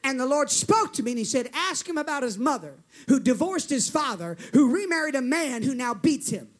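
Animated high-voiced male preacher. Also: brisk. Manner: animated, laughing, calls for amens. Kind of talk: storytelling sermon.

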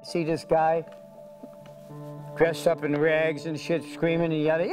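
Raspy-mannered New street character, raised voice, music bed behind. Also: male voice, a little high, steady tone, normal speed, darkish tone, poor audio. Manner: rough, rambling, profane storyteller. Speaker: interviewee, film extra. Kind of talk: casual storytelling interview. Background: background music.

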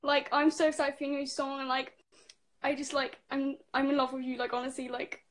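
A young woman from the United Kingdom, a fan on a live stream call, starstruck and breathless with excitement. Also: high-pitched, a little fast.

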